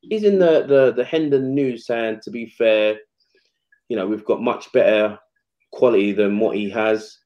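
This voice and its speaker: A man's voice: fairly low pitch, a little slow. Casual man in his 40s, chatty anecdote-teller, slightly dull recording. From England. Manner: animated, slangy, acts out quotes. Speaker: retired footballer guest. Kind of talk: casual storytelling interview. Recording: slightly muffled podcast audio.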